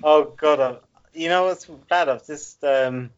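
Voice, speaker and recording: A man's voice: fairly high pitch, a little slow, smooth, lo-fi sound. A man ranting and joking in casual podcast banter, swearing often and laughing a lot. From England. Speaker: podcast co-host.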